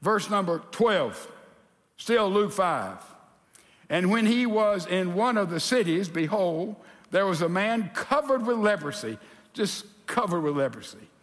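A pastor preaching a sermon in a lively, animated way, acting out the people in his story. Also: sits high, unhurried. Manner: animated preaching, acts out quotes. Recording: reverberant hall.

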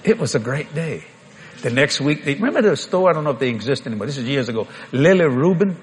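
A man's voice: medium pitch, quick pace, a little hiss or hum. An older man, telling a folksy, joking story in a sermon. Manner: folksy, animated, joking with the crowd. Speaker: preacher.

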